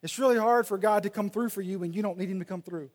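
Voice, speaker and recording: A male pastor preaching a sermon and reading scripture aloud, swinging between loud and soft delivery. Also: high-pitched, fast. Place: church sanctuary. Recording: long reverb of a large hall.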